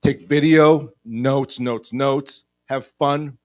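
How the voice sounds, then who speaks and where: A man's voice: mid-range voice, fairly even intonation, takes it slowly, darkish tone. A man co-hosting a conference, upbeat and encouraging as he gives the audience instructions. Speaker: co-host.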